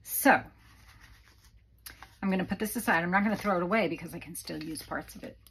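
A woman's voice: lowish voice, a little fast, a bit bright, slight background noise, rough recording. A woman hosting a casual craft tutorial from her home craft room, chatty and rambling with many fillers, a little out of breath. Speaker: craft channel host.

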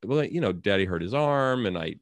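Earnest deep-voiced man telling a story. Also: animated, a little fast, no room sound. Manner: earnest, reflective storytelling, acts out dialogue. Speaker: guest, author and speaker. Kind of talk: storytelling in a podcast interview.

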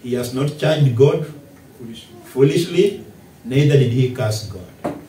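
A man's voice: mid-range voice, expressive, takes it slowly, dark tone, a little hiss or hum. Man, Kenyan accent, pastor, repetitive emphatic preaching, roomy church echo. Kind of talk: expository sermon reading scripture. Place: church hall. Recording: echoey church hall, distant mic.

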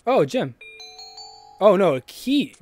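A man playing a game and commenting on it, joking and swearing a lot with sudden loud outbursts. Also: sits high, sing-song, slow pace. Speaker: gaming channel host. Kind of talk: let's play commentary. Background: game music.

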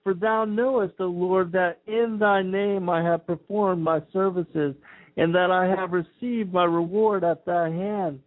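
A man reading the prayer of a repentant woman begging God for mercy, slow and solemn. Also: high voice, steady tone. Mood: pleading. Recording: tinny phone-like sound.

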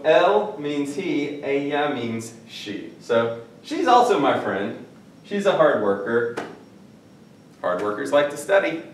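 A man teaching a classroom Spanish vocabulary lesson, jokey and lively, drawing out the Spanish words slowly. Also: mid-range voice, slight background noise. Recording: echoey room, mic at a distance.

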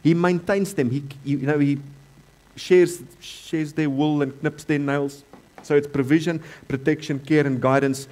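Emphatic South African pastor preaching. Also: male voice, on the high side, steady tone, measured pace. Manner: emphatic, repeats key phrases, swings between loud and quiet. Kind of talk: sermon. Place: church.

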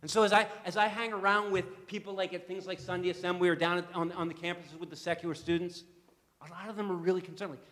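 A man addresses an assembly as guest speaker, telling a story with animated energy and frequent restarts. His voice sits high and bright. The sound carries a long reverb from the hall. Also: fast. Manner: animated, repeats words when starting sentences.

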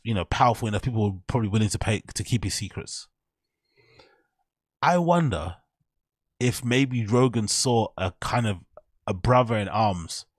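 A man's voice: on the low side, dry recording, clean studio sound. A man hosting casual reaction commentary, mocking and profane as he rambles over clips. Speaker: commentary channel host.

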